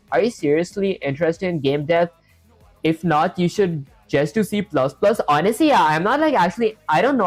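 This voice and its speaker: A woman's voice: on the low side, a little mellow. A young woman streaming live as she codes, thinking aloud and chatting casually with her viewers. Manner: chatty, thinks aloud, reads chat and answers it, lots of "guys" and "honestly". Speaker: coding livestreamer. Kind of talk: casual live-stream chat while coding.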